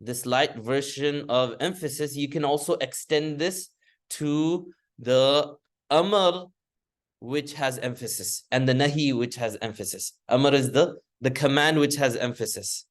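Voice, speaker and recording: A man's voice: mid-range voice, a little slow. Patient man teaching a grammar class. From United States. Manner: patient, repeats and reformulates points with many fillers. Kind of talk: classroom lecture.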